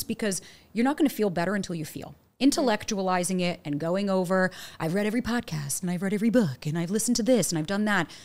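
A young adult woman, a dating coach, talking casually on a podcast and telling stories with acted-out quotes. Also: mid-range voice. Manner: animated, quick storytelling with acted quotes.

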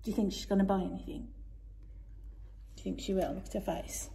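A woman teacher reading a picture book aloud to young children, gentle, asking them questions and often dropping to a whisper. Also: medium pitch, fairly even intonation, fairly quick, vocal fry, a little hiss or hum. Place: home, remote lesson.

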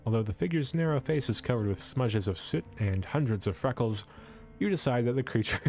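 A man's voice: medium pitch, expressive, a little fast, a little mellow, soft background music. A young man streaming live, reading an adventure story aloud and breaking off to joke with his chat. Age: young adult. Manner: playful, breaks off to joke and comment. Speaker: esports streamer.

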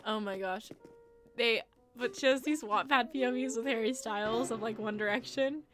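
A young woman streamer chats casually while gaming, her voice sitting a little high. She rambles and giggles often, teasing herself as she goes. Game music plays clearly behind her. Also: moderate pace.

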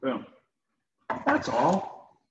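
A man's voice: mid-range voice, wildly swooping pitch, very slow, roomy sound, highs cut off, background noise. A man teaching a shop class in a folksy, joking way while demonstrating tools. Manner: folksy, joking, talks to students directly. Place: school workshop.

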